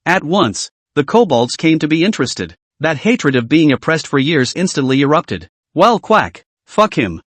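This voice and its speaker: Brief: lively male narrator for a comic story recap, somewhat high voice. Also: normal speed, hardly any pauses, dry recording.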